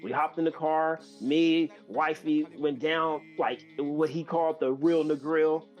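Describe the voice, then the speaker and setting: Brief: male guest from California, slightly high voice, chatty storyteller, lots of "like" and restarts. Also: a little slow, dull audio, faint music behind. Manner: loose and animated, many fillers and restarts. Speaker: guest musician. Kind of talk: casual storytelling.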